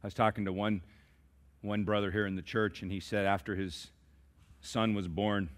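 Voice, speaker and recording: A man's voice: fairly low pitch, little pitch movement, moderate pace. A man preaching a sermon as pastor, telling stories and calling out to his congregation for responses. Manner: storytelling preacher who calls out to the congregation.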